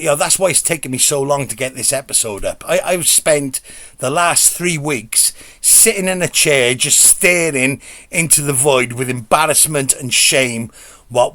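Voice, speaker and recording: A man's voice: medium pitch, moderate pace, sharp tone, dry recording. A middle-aged man tells a comic story in a rambling, stammering, sweary, self-mocking way. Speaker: comedy vlogger.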